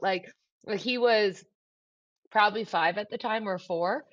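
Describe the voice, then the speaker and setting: A woman co-hosting a podcast in casual chat, animated and laughing often, swearing freely. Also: mid-range voice, unhurried, pauses often, dull audio. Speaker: podcast co-host.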